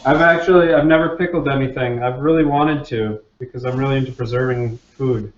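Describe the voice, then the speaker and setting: A man's voice: medium pitch, steady tone, a little fast. Chatty man in an echoey room. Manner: chatty, talks about his garden. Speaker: guest. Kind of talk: casual chat. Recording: roomy, dull audio with faint noise.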